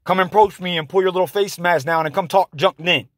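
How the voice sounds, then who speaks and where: Angry man ranting, high voice. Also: a bit bright, no room sound. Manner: confrontational, insulting, halting with fillers. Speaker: vlogger. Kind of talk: angry rant to camera.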